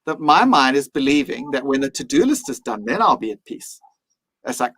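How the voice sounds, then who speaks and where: A man's voice: medium pitch, very animated, fairly quick, fairly bright tone, breathy edge, poor audio. A man speaking as a podcast guest, reflective and earnest, sometimes acting out his own inner voice. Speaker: mindfulness teacher and guest.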